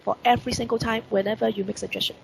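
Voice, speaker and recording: A Hong Kong-accented woman teaches an online lesson over a computer mic, pitched a little high with a strongly gravelly, fry-heavy voice. She keeps stressing key words and asking "what does that mean?" Faint noise hums underneath. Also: steady tone, very fast, poor audio. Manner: repeats rhetorical questions, stresses key words. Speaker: English teacher. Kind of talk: online lesson explaining report writing. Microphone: computer mic on video call.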